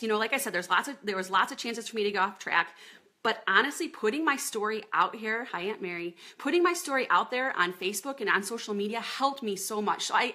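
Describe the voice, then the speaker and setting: A woman's voice: a little high, pushed and bright. A woman in her thirties, a fitness coach chatting casually on a live video from her home office, greeting viewers by name as she talks.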